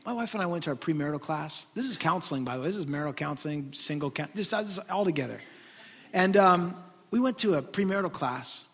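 A pastor with a high, husky voice delivers a sermon full of humorous stories, animated and joking, often breaking into laughter. The recording has a long, echoey hall reverb like a big church.

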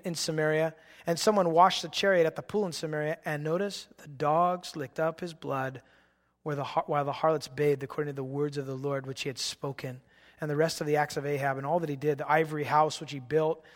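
A man preaching a sermon as pastor, animated and excitable, acting out biblical characters as he reads. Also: a little high, long reverb tail.

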